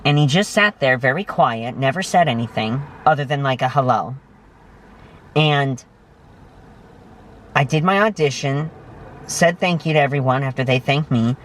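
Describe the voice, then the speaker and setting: A man's voice: mid-range voice, normal speed, pauses often, fairly bright tone, a little hiss or hum. Enthusiastic male vlogger telling stories. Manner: enthusiastic, effusive, heavy on praise words. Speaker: vlog host. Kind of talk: casual storytelling to camera.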